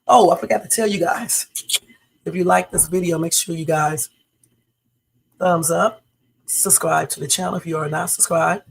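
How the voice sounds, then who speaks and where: Gravelly-voiced woman streamer, morning voice. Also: on the low side, steady tone, normal speed, pauses often, poor audio. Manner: chatty, loose, with fillers and Southern-style talk. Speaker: reaction streamer. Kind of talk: casual livestream chat.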